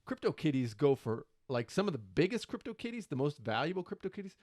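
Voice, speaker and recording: A middle-aged man hosting his own show, excitedly retelling a story with many quoted exclamations. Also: on the high side, quick pace, no echo, studio quality. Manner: animated, breathless retelling full of quoted exclamations. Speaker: show host.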